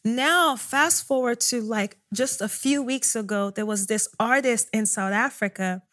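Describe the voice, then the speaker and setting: Casting: woman, 30s, pastor on a talk panel, animated storyteller, a touch high. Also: a little slow, no room sound, studio quality. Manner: animated storytelling, laughs often. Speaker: pastor and talk show guest. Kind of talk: casual panel chat.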